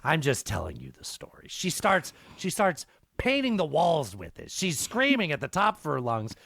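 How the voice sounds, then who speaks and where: A screechy, raspy comedian voice, as a man puts it on, swinging wildly up and down in pitch. It tells its tale in a dry, close sound, with halting repeats and theatrical pauses. Now and then it sinks into a gravelly growl. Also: huge pitch swings, fairly bright tone, dry recording, heavily acted. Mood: gleeful storytelling. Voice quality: gravelly at times. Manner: dramatic storytelling, halting repetitions. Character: raspy screechy male comedian telling a filthy joke. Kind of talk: impression while telling a joke.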